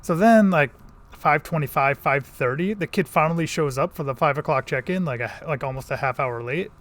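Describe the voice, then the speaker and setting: A man's voice: a little high, a little fast, fairly bright tone. A man from the Connecticut countryside telling a long story in a casual vlog, rambling with many restarts and fillers. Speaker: vlogger.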